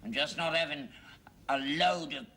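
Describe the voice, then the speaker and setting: A man's voice: a little high, normal speed, pushed and bright. An actor playing a grumpy, stubborn old father, grumbling and indignant in a sitcom. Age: older. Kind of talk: sitcom acting.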